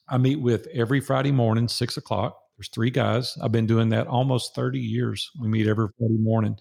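Gravelly older Southern man telling a story. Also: medium pitch, normal speed, darkish tone. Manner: earnest, repeats phrases for emphasis. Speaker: podcast guest. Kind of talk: casual storytelling interview.

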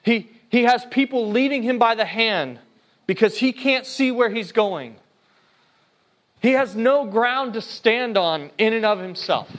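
A man delivers a sermon in a conversational, animated way, and his voice sits high for a man. He reads scripture aloud and acts out the quoted lines. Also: unhurried. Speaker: preacher.

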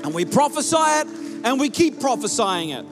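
Animated, high-voiced man preaching a sermon. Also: moderate pace, music in the background. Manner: animated preaching that leads the congregation. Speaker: pastor. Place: church hall with a congregation.

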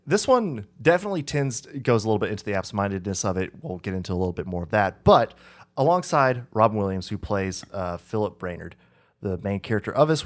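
A man co-hosting a podcast in casual chat, meandering and correcting himself as he recalls details, laughing easily. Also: on the low side. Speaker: podcast co-host.

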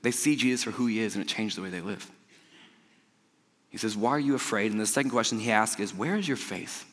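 A man preaching with passion in a church sanctuary, his voice at an ordinary middle pitch. He swings from loud, emphatic lines down to hushed ones. A long reverb from the hall trails behind each phrase. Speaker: pastor. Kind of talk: sermon.

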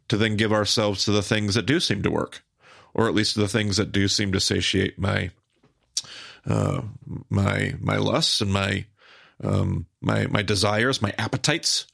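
A man with a low, gravelly voice teaches scripture in a relaxed podcast conversation. He talks emphatically and thinks aloud, circling back and restarting his phrases. The sound is dry and close to the mic. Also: normal speed, dry recording. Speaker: podcast host and Bible teacher.

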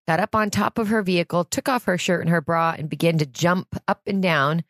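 A woman's voice: lowish voice, a little fast, no echo, studio quality. A woman co-hosting a casual podcast, telling a story in a chatty way. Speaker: podcast co-host.

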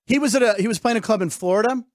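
A man's voice: high voice, very fast, no echo, clean studio sound. A man hosting a casual talk show, telling stories and acting out the people in them. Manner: animated storyteller, acts out quotes. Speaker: host. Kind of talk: casual chat.

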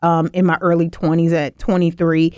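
A woman's voice: fairly low pitch, flat delivery, normal speed, a little mellow, clear, resonant tone, no room sound, lo-fi sound. A middle-aged woman with a light Southern US twang, talking about her faith as a podcast guest in an earnest storytelling manner. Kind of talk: casual faith conversation.

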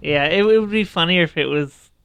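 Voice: mid-range voice, fairly quick, gravelly, fairly bright tone, smooth, no room sound. A speaker in casual chat about a film, adding short wry remarks and laughing often. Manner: laughs often, brief dry interjections. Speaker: co-host in a movie chat.

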